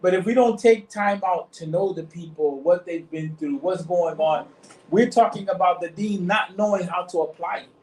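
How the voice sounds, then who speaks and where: A man's voice: high voice, normal speed, darkish tone. A man leading an informal religious discussion with a small group, rambling and repeating himself, often asking "you see what I'm saying?". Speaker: study circle leader. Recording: echoey room, mic far off, faint noise.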